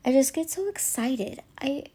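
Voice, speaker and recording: A woman's voice: high voice, animated, unhurried, warm tone. A young woman chatting in a casual voiceover, rambling and chatty, apologizing for how much she talks. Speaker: nail vlogger.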